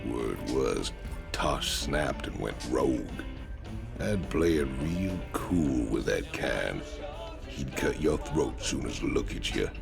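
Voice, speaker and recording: Grizzled soldier, extremely deep, heavy gravel, slow drawl, game music. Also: male voice, expressive, exaggerated voice. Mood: wary.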